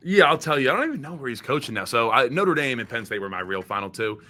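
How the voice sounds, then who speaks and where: A man's voice: medium pitch, big pitch swings, fast talker, bright, forceful tone. A young man from Maryland, a podcast guest and former college football player, talking in a loose, chatty way with lots of fillers and restarts. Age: young adult. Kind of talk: casual chat.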